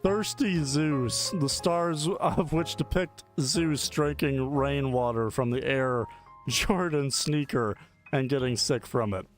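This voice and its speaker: A man's voice: mid-range voice, takes it slowly, soft background music. A male streamer playfully reading a text adventure game aloud, often laughing.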